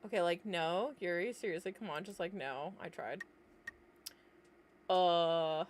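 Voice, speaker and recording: A woman livestreams a game with game music playing behind her, chatting casually and reacting with swearing and laughter. Her voice is on the low side and a little slow, with slight background noise.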